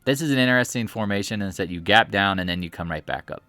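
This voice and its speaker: A man's voice: fairly low pitch, fast talker, sharp tone, no echo. A man giving a casual, rambling, jokey commentary while reviewing stock charts at home. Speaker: market commentator.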